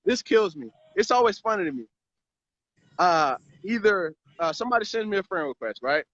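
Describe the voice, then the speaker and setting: A man's voice: sits high, big pitch swings, normal speed, fairly bright tone, no echo. A man hosting a casual live stream chat about marketing, rambling and repeating words. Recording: dry, slightly muffled live stream audio.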